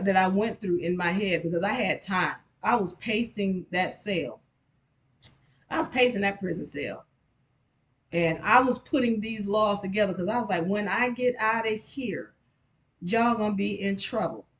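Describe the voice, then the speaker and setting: Woman, live storytelling talk, middle pitch, animated, speaks directly to the audience, voice spikes when heated. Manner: animated, addresses the audience directly, voice rises sharply in anger. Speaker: speaker telling a personal story. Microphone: microphone at a live event.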